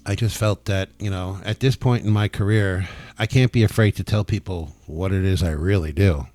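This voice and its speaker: A man talking as a spiritual healer in a casual, emphatic monologue, excited and emotional enough to be near tears. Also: sits low, normal speed, dry recording, studio quality, faint music behind. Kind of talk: casual testimonial monologue to camera.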